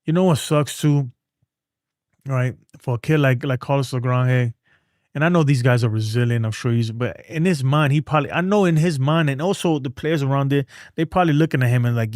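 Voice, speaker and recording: A man's voice: mid-range voice, brisk, a little mellow, dry recording, clean studio sound. A man who is a streamer, breaking down a baseball game in loose, slang-filled casual talk, reading chat as he goes. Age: adult with a son.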